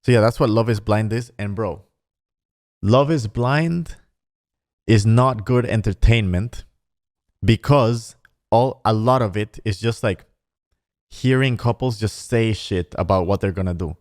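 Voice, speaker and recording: A man's voice: fairly low pitch, unhurried, long pauses, darkish tone, dry recording, studio quality. A man hosting a podcast, ranting sarcastically with lots of swearing, calling the listener bro and mocking people in exaggerated put-on voices. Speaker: podcast host. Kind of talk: casual podcast rant.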